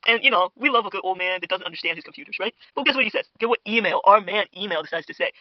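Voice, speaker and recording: Rapid-fire and high-voiced, a young man rambles through a parody internet drama commentary he hosts, gossiping with mock outrage and piling on fillers and asides to viewers. Recorded at a home dinner table on a podcast mic, the sound is dry and dull.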